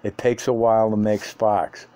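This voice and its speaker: A man's voice: lowish voice, little pitch movement, moderate pace, mellow, close to an everyday voice. A man reading the part of a frightened woman who speaks urgently through clenched teeth. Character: frightened woman urging in a hushed hiss.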